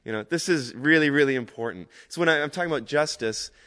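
A Salvation Army minister gives an informal guest sermon, rambling casually at first before building to loud, fervent emphasis. His voice is on the high side and fast, with a big-room sound.

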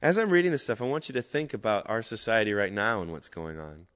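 A fairly low-pitched man delivers a guest sermon as a Salvation Army minister, fast and sing-song, beginning casually and rambling before swelling into loud, fervent emphasis. The sound carries a long reverb tail.

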